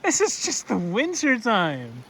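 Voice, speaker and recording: A young man vlogging outdoors in a rocky gorge, awestruck and excitable, swearing freely as he talks. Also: sits high, measured pace, a little hiss or hum. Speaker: nature vlogger. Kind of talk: casual outdoor vlog narration.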